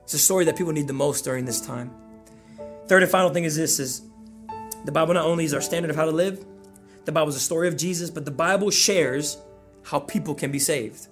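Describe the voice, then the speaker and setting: A male pastor delivers an energetic, conversational sermon and drives his points home by repeating them. His voice sits high for a man. Soft instrumental music plays quietly underneath. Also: fast talker.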